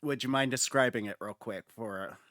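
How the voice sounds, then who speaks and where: A man's voice: mid-range voice, normal speed, a bit bright, no echo, clean studio sound. A man hosting a gaming podcast in casual chat, laughing often and repeating words as he gathers his thoughts. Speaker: podcast host.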